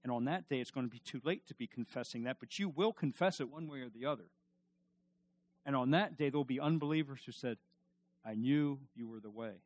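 A male pastor preaching a sermon emphatically, repeating his questions and swinging from loud to hushed. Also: mid-range voice, fast talker.

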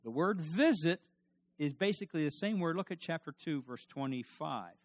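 A male pastor preaching a sermon emphatically, repeating his questions and swinging from loud to hushed. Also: on the high side, expressive, moderate pace.

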